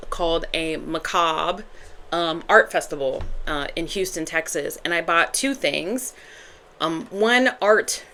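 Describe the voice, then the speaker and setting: Woman, tarot reader, chatty and rambling, somewhat low voice. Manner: chatty, rambling, animated with laughs. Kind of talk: casual tarot reading to viewers.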